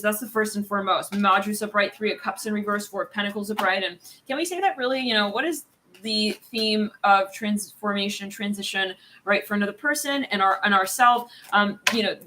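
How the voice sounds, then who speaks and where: A woman's voice: mid-range voice, pushed and bright, slight background noise. A woman doing a channeled tarot reading, talking in a rambling, searching way with many restarts and the odd swear word. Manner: casual, drops swear words. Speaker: tarot reader.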